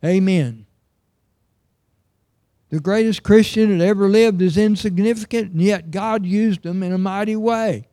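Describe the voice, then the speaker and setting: Slow, warm-voiced preacher man. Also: high-pitched, no room sound, studio quality. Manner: earnest, emphatic, reads scripture aloud. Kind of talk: sermon.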